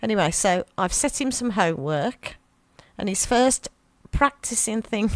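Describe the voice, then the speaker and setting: A woman's voice: medium pitch, a little slow, no echo. A woman with a Birmingham accent hosting a local radio show, telling stories and acting out voices. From Birmingham area, England. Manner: animated storyteller, acts out voices in quotes. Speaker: radio host. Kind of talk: chatty local radio anecdote.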